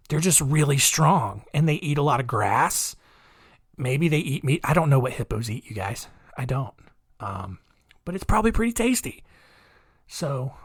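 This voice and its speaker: A male podcast host tells odd stories from history in a loose, rambling monologue and stops often for sarcastic jabs. His voice sits a little high for a man. The sound is very dry and close to the mic. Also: dry recording. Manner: chatty, rambling, sarcastic asides. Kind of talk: casual comedic monologue.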